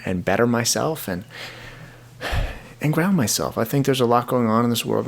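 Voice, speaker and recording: A young man hosts his own podcast alone, rambling earnestly and often repeating words as he restarts. His voice sits lowish and sounds gravelly, in a casual solo monologue.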